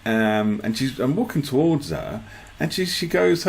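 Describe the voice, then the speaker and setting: Man, gravelly voice, animated pitch, casual storytelling, amused. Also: measured pace. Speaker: vlogger.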